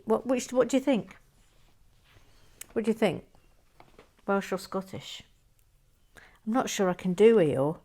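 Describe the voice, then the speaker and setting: A woman chatting casually while building and reading viewer comments, often slipping into soft whispers. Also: medium pitch, expressive, a little slow, pauses often. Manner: chatty, self-mocking, drops into soft whispers. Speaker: Lego building vlogger.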